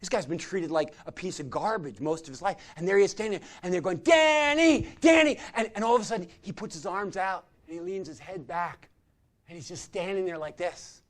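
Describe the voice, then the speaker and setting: A middle-aged man, a secular humanist chaplain, telling stories in a sermon-style talk to a community gathering, swinging from loud to quiet. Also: sits high, a little fast. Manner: animated storyteller who swings from loud chanting to quiet intensity.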